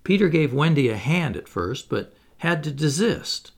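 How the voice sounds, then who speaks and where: A man reading a children's story aloud as narrator, in an expressive, playful way. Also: on the high side, moderate pace, gravelly. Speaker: audiobook reader.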